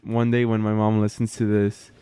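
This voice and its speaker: A young man co-hosting a casual podcast, speaking softly and hesitantly with many fillers. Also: fairly low pitch, completely flat delivery, normal speed, clean tone, dry recording. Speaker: podcast co-host.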